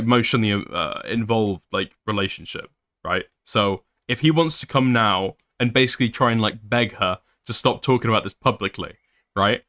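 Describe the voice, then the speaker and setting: A young man hosting casual online commentary, blunt in manner and quick to swear. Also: mid-range voice, sharp tone. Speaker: commentary host.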